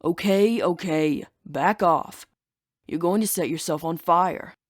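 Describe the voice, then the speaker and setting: A woman's voice: fairly low pitch, takes it slowly, no room sound, clean studio sound. A woman voicing a young man, a half-demon lover, who talks in a miserable, defensive way. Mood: brooding.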